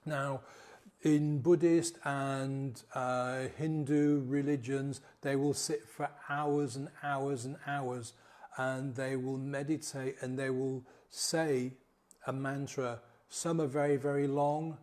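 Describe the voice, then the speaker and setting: A man's voice: mid-range voice, flat delivery. A middle-aged man, a coach, guiding listeners through a repeated mantra and then explaining it. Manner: slow, soft, repetitive guiding. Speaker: sobriety coach. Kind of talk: guided mantra meditation and talk.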